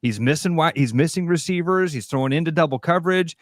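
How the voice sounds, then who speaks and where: A man's voice: a little high, fast talker, no echo, studio quality. A man with a Midwestern American accent, co-hosting sports radio and making his points in emphatic, repetitive riffs. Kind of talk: opinionated sports talk. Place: radio studio.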